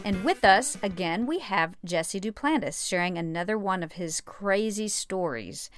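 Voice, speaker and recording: A woman's voice: medium pitch, animated, a little slow, soft background music. A woman hosting a show, giving an upbeat scripted introduction to the next segment. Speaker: show host.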